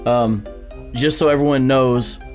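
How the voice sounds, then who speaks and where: A man's voice: mid-range voice, fairly even intonation, measured pace, darkish tone, faint music behind. A man hosting a live online show, reading viewers' chat messages aloud with fillers and laughs. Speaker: livestream show host.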